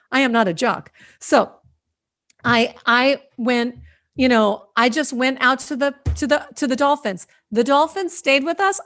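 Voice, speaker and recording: A woman host telling a personal story to an online group in an animated, expressive way over a video call. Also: on the high side. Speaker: host and company founder.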